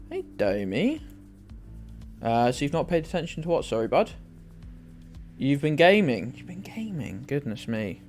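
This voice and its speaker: A young British man live-streams a game, rambling, joking with viewers, and swearing freely in casual chat as he plays. His mid-range voice is a little mellow, and faint music plays in the background.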